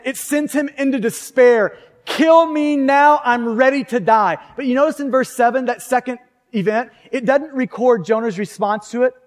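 Male preacher, very high voice, conversational sermon, long reverb from a large sanctuary. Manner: conversational, rhetorical questions to the congregation.

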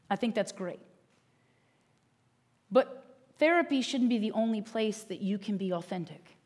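A woman's voice: medium pitch, a little mellow. A woman pastor giving a sermon in an earnest, conversational way.

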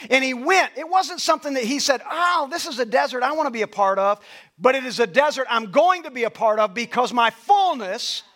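Preacher guy with a real high bright voice, call and response, gets shouty at times. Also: expressive, a little fast. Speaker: pastor. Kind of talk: sermon. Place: church sanctuary.

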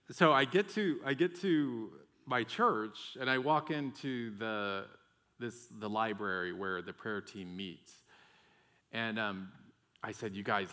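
Animated man telling a story, bright voice. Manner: animated, rambling, many restarts and "like"s, gets loud and high when excited. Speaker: storyteller sharing personal faith testimony. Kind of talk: casual spoken storytelling.

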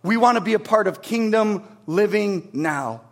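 Man, pastor, high voice, earnest sermon, conversational, emphatic then quiet. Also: animated, moderate pace. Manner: earnest, rises to emphatic preaching then drops low; conversational with tag questions and restarts.

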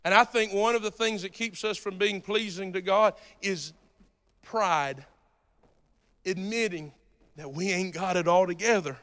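A male pastor preaching a sermon in a church, talking straight to the congregation and swinging from soft, close words to loud emphatic lines. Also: high voice, a little slow. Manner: talks directly to the congregation. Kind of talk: sermon with altar call. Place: church sanctuary. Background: soft live music, piano and guitar.

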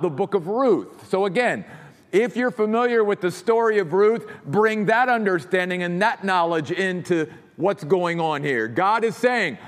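A man with a high voice preaches from the pulpit, hammering home his points with repeated phrases. His words ring out with a long reverb, as if he is in a large hall. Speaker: pastor. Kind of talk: sermon.

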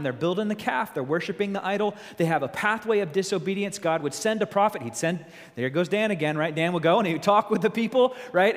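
A man preaching a sermon as a pastor, animated and full of rhetorical questions. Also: sits high, in a large hall.

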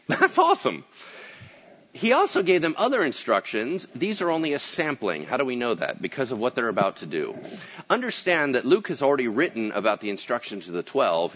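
A man's voice: mid-range voice, breathy edge, lo-fi sound. A man preaching a sermon as pastor, acting out little voices and asides as he goes. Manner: animated, acts out voices and asides.

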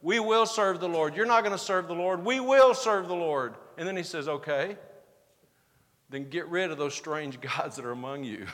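A man's voice: on the high side, normal speed, fairly bright tone, big-room sound. A man preaching a sermon as pastor, building to emphatic bursts and acting out the back-and-forth quotes of the passage.

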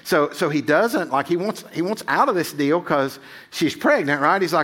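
A man's voice: on the high side, expressive, brisk, fairly bright tone. A middle-aged male pastor giving a sermon in a casual, conversational way, often checking in with 'right?'.

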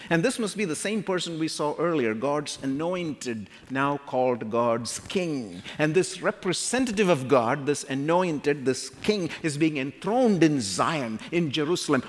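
An emphatic male preacher delivering an expository sermon with a lively, swinging pitch. He slows right down to press home quoted scripture, and his voice rings out with long reverb in a big hall.

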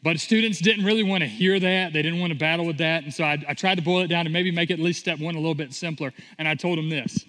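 Pastor guy in his 30s preaching, kinda high voice, lots of hall echo, acts out the story voices. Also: fast talker, hardly any pauses. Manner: animated storytelling, acting out voices in quotes. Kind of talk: sermon. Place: church sanctuary. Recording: long hall reverb.

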